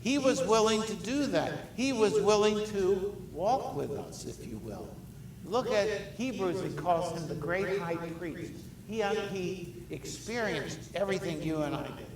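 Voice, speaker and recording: A man's voice: high voice, lively intonation, a little slow, echoey room, recorded from a distance, noisy background. A man preaching a sermon in a conversational way, often putting questions to his listeners. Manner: conversational, asks the congregation many questions. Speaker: pastor.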